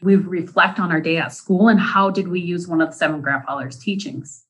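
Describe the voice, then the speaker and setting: A woman who works in school interventions, telling a story in an animated way during an interview. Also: lowish voice, a little fast, poor audio.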